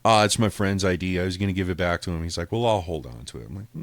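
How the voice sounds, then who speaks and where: A man's voice: low-pitched, fast, few pauses, dry recording. A young man casually telling a story from his past, swearing a lot, laughing often and quoting people in his own voice. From Colorado, US. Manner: profane, laughing, quotes others in his own voice. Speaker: podcast guest telling a story.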